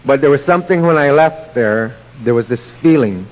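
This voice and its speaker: A man of middle pitch tells his own story to a recovery meeting, slow and plain-spoken, pausing between thoughts. His voice rings with a long hall echo, and the recording sounds dull and lo-fi. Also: animated. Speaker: AA meeting speaker. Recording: lo-fi audio with long hall reverb.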